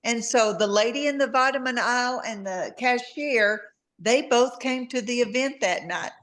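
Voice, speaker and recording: A woman's voice: on the high side, moderate pace, fairly bright tone. A woman with a Southern drawl, chatting on a call about meeting people while out shopping. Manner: chatty storytelling, easy laughs. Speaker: guest distributor. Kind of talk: casual video-call chat.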